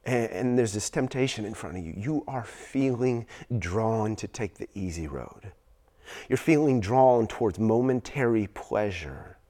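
A pastor preaching a sermon, moving from a quiet, hushed retelling of a story to emphatic, raised preaching. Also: male voice, on the low side.

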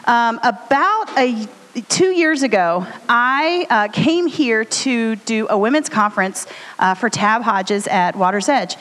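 A bubbly woman with a fairly high voice chats on stage, co-hosting a live storytelling podcast. She rambles along in an animated, friendly way. Her voice rings out with a long hall reverb. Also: takes it slowly. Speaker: podcast co-host. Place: stage before a live audience.

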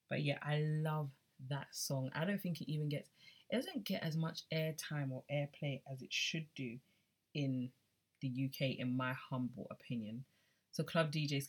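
A young adult woman hosting a casual music podcast, chatty and drifting between accents. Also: deep voice. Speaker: podcast host.

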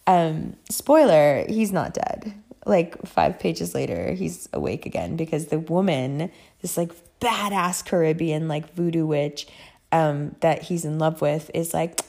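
A woman talking casually about a book series she loves, chatty and profane, telling the story with lively emotion. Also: on the low side, normal speed, creaky. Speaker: book vlogger. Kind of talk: casual chat.

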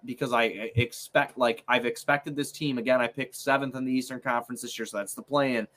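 A man's voice: medium pitch, steady tone, brisk, hardly any pauses, fairly bright tone. A man co-hosting a sports podcast, ranting heatedly and swearing a lot. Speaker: podcast co-host. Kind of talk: casual sports podcast banter.

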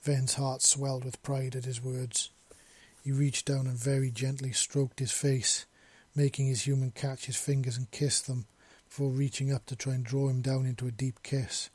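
Male narrator of a romance story with a dark, mellow, husky tone and an even delivery. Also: medium pitch, normal speed, no echo.

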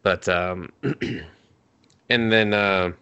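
A man's voice: deep voice, drawn-out words, pushed and bright, clean tone, lo-fi sound. A young man co-hosting a podcast, rambling loosely and swearing freely as he retells scenes. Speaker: podcast co-host. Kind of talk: casual chat recapping anime.

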